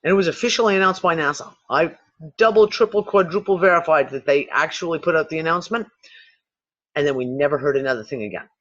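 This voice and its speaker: High-voiced man rambling through a theory. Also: quick pace, fairly bright tone. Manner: rambling, swears casually, thinks aloud with restarts. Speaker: podcast host. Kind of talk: casual speculative talk. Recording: dull lo-fi recording.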